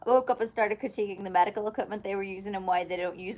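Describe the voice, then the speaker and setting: A woman's voice: medium pitch, fairly quick, warm tone, slight background noise. A young woman chatting casually on a livestream, telling stories in a chatty, giggly way. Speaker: singer and livestream host.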